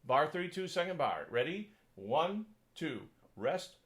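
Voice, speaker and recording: A man's voice: sing-song, a little slow, a bit bright, rough recording. Man coaching sopranos with sung demonstrations. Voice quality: sings in falsetto. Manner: counts in and sings parts. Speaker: choir conductor. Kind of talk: choral coaching lesson.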